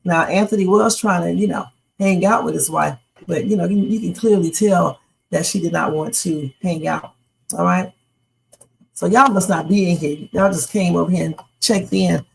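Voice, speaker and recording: A woman's voice: on the low side, normal speed, creaky, poor audio. A woman hosting a casual reaction livestream, giving blunt opinions and talking directly to her chat. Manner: chatty, opinionated, talks to the chat. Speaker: livestream host reacting to sketches.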